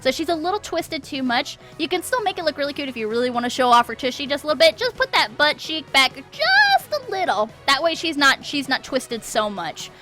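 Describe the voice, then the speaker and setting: A woman's voice: high-pitched, sing-song, a little fast, hardly any pauses, over music. A woman streaming a live art critique, encouraging, often checking in with "okay?" and repeating words for emphasis.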